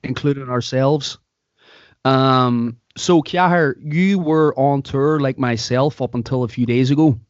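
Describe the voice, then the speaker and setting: A man's voice: medium pitch, measured pace, dry recording. A man with a Derry accent hosting a podcast, chatting casually in joking, rambling banter. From Derry, Northern Ireland. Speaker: podcast host. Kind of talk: casual chat. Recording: dry, slightly dull sound.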